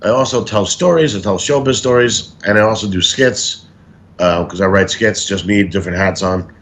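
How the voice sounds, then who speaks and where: A stand-up comedian guest telling showbiz stories in a casual interview, animated and acting things out as he talks. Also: lowish voice, moderate pace. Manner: animated, acts out stories and quotes.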